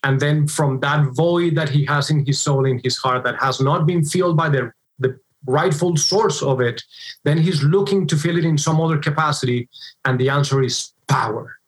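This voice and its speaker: A married man co-hosting a casual faith-based discussion of a film, thoughtful and building his points with quick "right?" checks. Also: on the high side, poor audio.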